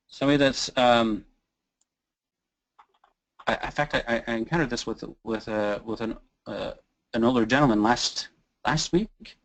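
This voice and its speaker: A man's voice: medium pitch, a little slow, long pauses, low-quality recording. Man teaching voice in a casual webinar. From Kansas City area, USA. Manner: casual, demonstrates moans, sighs and creaky sounds. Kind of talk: webinar talk demonstrating vocal exercises.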